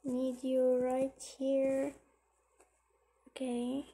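A woman giving giggly, excitable casual gameplay commentary, often muttering softly to herself as she searches. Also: high voice, very slow, husky, rough recording. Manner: excitable, gushing. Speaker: gaming channel host.

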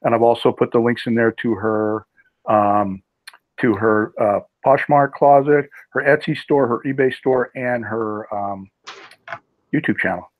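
A man's voice: medium pitch, unhurried, dry recording. A man hosting a live online auction, calling bids and greeting chat viewers by name. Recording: tinny phone-like sound, dry.

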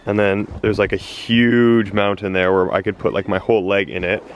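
Chatty young man vlogging, lower voice. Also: fairly even intonation, moderate pace, slight background noise. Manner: chatty, breathless after shoveling. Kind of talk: casual vlog chat. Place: outdoors in snow and at home. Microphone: handheld camera.

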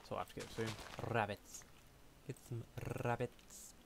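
A man's voice: on the low side, fairly even intonation, normal speed, vocal fry, noisy background. A young man giving casual let's-play commentary, chatty, talking to himself and humming as he plays. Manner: chatty, talks to himself, hums and mutters while playing. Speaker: gaming YouTuber.

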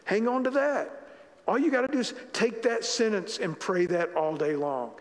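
A man pastor delivering a sermon in a fairly high voice, casual in tone and fond of repeating lines to drive a point home. His voice rings through a long, reverberant church hall. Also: normal speed. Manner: conversational, repeats phrases for emphasis. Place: church sanctuary.

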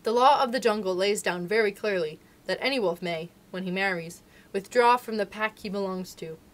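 A steady, grave father wolf explains the law of his pack in calm, measured speech, as a woman reading a storybook puts him on. The voice stays plain and sober. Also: mid-range voice, lightly acted, rough recording. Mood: explaining.

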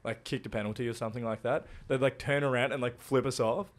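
A young Australian man in casual podcast chat. He jokes around, swears freely, and tells anecdotes in a mid-pitched voice. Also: steady tone, fast. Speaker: podcast co-host.

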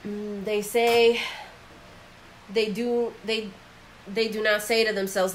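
Slow, chatty woman teaching the Bible. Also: mid-range voice, flat delivery, a little hiss or hum, poor audio. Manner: conversational, acts out quoted voices with frequent "like". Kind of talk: casual Bible commentary.

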